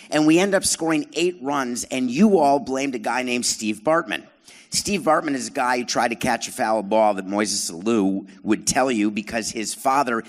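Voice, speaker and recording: A man's voice: medium pitch, a bit bright. A middle-aged man works a live theater crowd as a podcast host, trading on sarcasm and cheerful self-mockery. He teases the audience between stories and keeps an ordinary, mid-range speaking voice. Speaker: podcast host and former baseball team president. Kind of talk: live on-stage storytelling to an audience.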